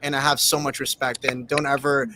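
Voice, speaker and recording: A man's voice: mid-range voice, little pitch movement, brisk, a crowd in the background. A man hosting a casual group chat, encouraging and stumbling over repeated words. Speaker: host.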